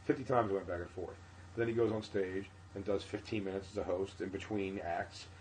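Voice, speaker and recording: Low-voiced rambling comedian man. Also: a little fast, a little hiss or hum, rough recording. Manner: rambling, animated, profane. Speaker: comedian guest. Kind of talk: casual storytelling.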